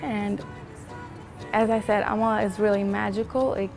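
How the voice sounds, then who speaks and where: A woman's voice: mid-range voice, fairly even intonation, normal speed, vocal fry. A woman speaking thoughtfully and earnestly in a testimonial. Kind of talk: testimonial interview. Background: music.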